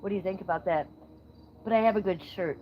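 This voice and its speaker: A woman's voice: medium pitch, fast talker, dull audio, a little hiss or hum. A woman from Ohio hosting a casual livestream, reading chat comments outdoors at night, blunt and playfully profane. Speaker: livestream host.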